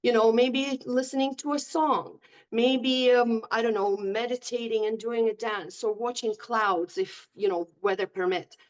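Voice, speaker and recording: A woman's voice: on the high side, steady tone, a little slow, dull audio. A middle-aged woman, a guest coach, telling stories in a conversational podcast interview in an upbeat, encouraging way.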